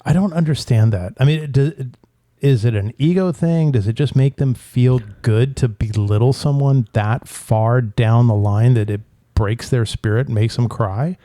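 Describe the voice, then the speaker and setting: Mellow man wryly co-hosting a podcast. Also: medium pitch, measured pace, dry recording. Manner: wry, questioning co-host steering the topic. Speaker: podcast co-host. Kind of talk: casual podcast chat.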